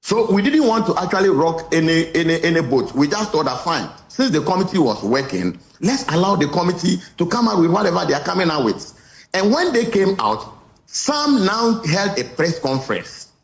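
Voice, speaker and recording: A man's voice: high-pitched, very animated. A man answering interview questions earnestly, often stopping to repeat himself. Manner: earnest, halting, repeats words. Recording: roomy echo.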